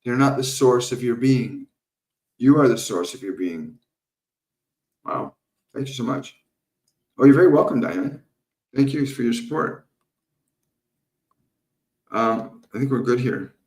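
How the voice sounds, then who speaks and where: A man answers viewer questions as a spiritual medium, talking in a calm, measured, repetitive way and now and then laughing softly. His voice carries a roomy echo. He sits some distance from the microphone. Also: mid-range voice. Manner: calm, slow, repetitive teaching with soft laughs. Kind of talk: live Q&A stream with guided meditation. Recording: roomy sound, distant from the mic.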